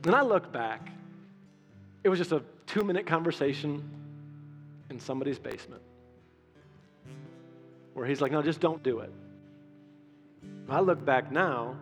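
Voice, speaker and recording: Male pastor, slightly high voice, chatty sermon, long hall reverb, faint guitar behind. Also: a little slow, long pauses. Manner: conversational, animated storytelling with acted-out quotes.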